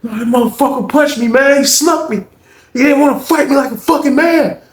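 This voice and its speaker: A man voicing a furious young male inmate at his breaking point, yelling, pleading and cursing. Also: very high-pitched, brisk, roomy sound, distant mic, voice pushed up. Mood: fed up.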